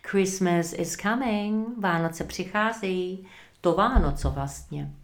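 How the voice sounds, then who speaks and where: A woman reads a classic story aloud in a slow, careful lesson, stopping after each phrase to translate it and to quiz herself with short questions she answers right away. Her voice sits at an ordinary middle pitch. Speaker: English teacher.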